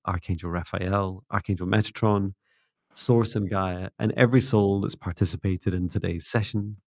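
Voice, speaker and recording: A middle-aged man hosting a spiritual livestream, talking in a soft, gently meditative way. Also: deep voice, gravelly, no echo, studio quality. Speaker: psychic mentor and livestream host. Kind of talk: casual livestream chat and guided closing.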